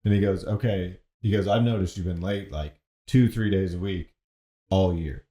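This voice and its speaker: A young man with a low, mellow voice tells a story at an easy, unhurried pace. His voice sits deep and relaxed. The sound carries a noticeable room echo. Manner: laid-back storytelling, quoting others in an even voice. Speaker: podcast co-host. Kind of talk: casual chat. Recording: echoey room.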